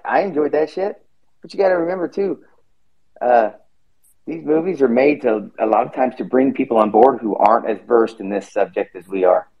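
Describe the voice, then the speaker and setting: A man's voice: medium pitch, highs cut off. A man hosting a podcast, chatting casually and rambling, swearing freely. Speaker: podcast host. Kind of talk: casual chat.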